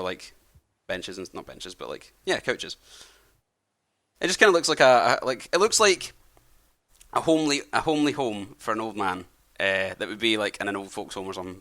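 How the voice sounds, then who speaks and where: A man's voice: lowish voice, bright, forceful tone. A man narrating a tabletop game as game master, loose and rambling with many fillers.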